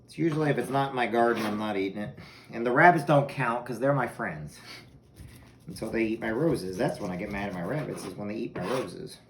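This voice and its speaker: A man's voice: fairly low pitch, brisk. Guy rambling on while he cooks corn at home, chatty and laughing at himself, echoey kitchen with noise behind. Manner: rambling, chatty, self-amused. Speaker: home cooking vlogger. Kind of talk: casual chat while cooking. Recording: echoey room with background noise.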